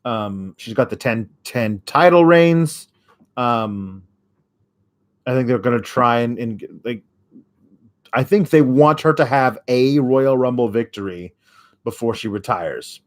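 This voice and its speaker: A man's voice: mid-range voice, slow. A man hosting a casual solo recap show, rambling and sarcastic, with frequent fillers and swearing when annoyed. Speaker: host.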